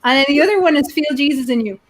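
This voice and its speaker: A woman's voice: sits high, lively intonation, very fast. A woman with a Dublin Irish accent, hosting a casual chat and often stammering and repeating herself. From Ireland. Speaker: host.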